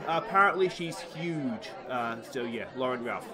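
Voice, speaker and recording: A man's voice: medium pitch, lively intonation, moderate pace, hardly any pauses, sharp tone, breathy edge, a faint crowd. A man with an Australian accent hosting a comic awards-show skit, talking like a showy compère with laid-back banter. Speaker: game channel host.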